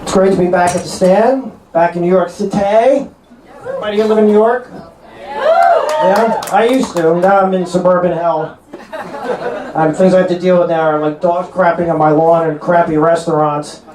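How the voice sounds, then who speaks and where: A man's voice: sits high, sing-song, darkish tone, slight background noise. A man in his thirties with a North Jersey accent doing a crude, brash stand-up set. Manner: brash, crude punchlines with quick asides. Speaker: stand-up comedian. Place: comedy club stage. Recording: roomy club with laughing crowd. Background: audience laughter.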